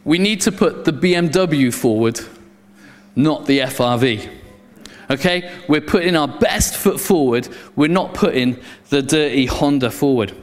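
A man preaches to a congregation, and his voice sits a little high for a man. He stumbles over restarts and slips into the voices of the crowd as he tells the story. A long reverb trails behind his words, as in a church hall. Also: expressive, measured pace, soft background music. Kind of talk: sermon.

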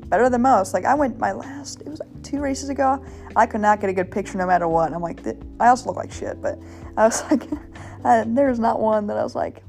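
A young woman hosts a casual solo podcast, talking very quickly in a slightly high, darkish voice with vocal fry. She rambles through her story with plenty of fillers and acts out her own quotes, with faint music underneath.

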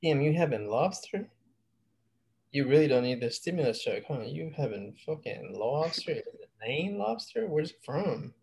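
Casual podcast co-host, husky male voice, rambling and slangy. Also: on the high side, animated, moderate pace, a little mellow. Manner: rambling, laid-back, slangy. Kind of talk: casual chat.

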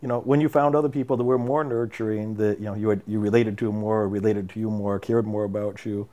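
Brief: male host, lowish mellow voice, rambling questions. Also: steady tone, fast talker. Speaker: interview host. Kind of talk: interview questions.

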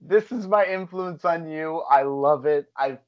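A man's voice: on the high side, unhurried, highs cut off. A man in casual chat, rambling with lots of fillers and swearing as he rants.

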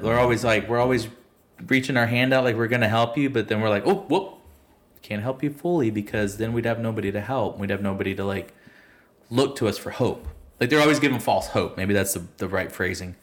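A podcast co-host with a somewhat low, slightly bright voice talks politics casually and profanely. He rambles, keeps restarting sentences, and laughs at his own jokes.

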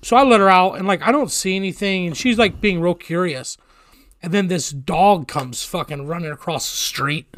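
Profane, animated man telling a story. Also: sits high, moderate pace, dry recording. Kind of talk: casual storytelling.

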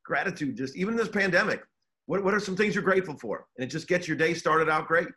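A man's voice: fairly high pitch, quick pace, bright, forceful tone. A middle-aged man, a basketball coach, talking casually in an interview with earnest restarts and repeated words.

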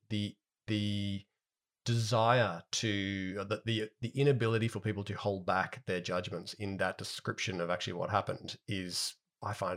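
A man hosting a podcast, explaining ideas quickly with everyday analogies in a relaxed conversation. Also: lowish voice.

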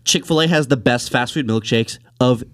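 A young man hosting a casual podcast chat, animated and swearing freely as he tells anecdotes. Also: medium pitch, normal speed, no room sound, clean studio sound. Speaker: podcast host.

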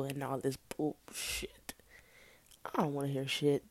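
A woman telling a casual story in slangy, animated talk, with sudden loud outbursts. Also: deep voice, measured pace, no echo.

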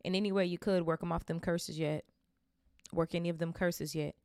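A woman voicing a big, gruff, kindly male groundskeeper who speaks loudly and bluntly in a homely way, in a storybook reading. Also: lowish voice, fairly even intonation, fairly quick, no room sound, clean studio sound, close to an everyday voice. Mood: stern.

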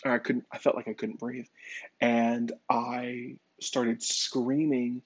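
Man, psychic medium, personal storytelling, conversational with fillers, raspy fry in the voice, slightly muffled lo-fi sound. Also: mid-range voice, completely flat delivery, measured pace, dry recording.

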